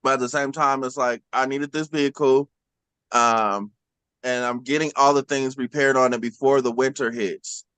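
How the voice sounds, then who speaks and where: A man's voice: medium pitch, steady tone, normal speed, fairly bright tone, clear, resonant tone, dry recording. A man talking as a guest on a casual panel chat, laid-back and joking easily. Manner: laid-back, chuckles and joshes often.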